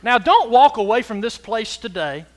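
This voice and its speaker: A man preaching a sermon as pastor, emphatic and swinging from loud to hushed. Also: very high-pitched, expressive, normal speed. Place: church sanctuary. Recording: hall reverb.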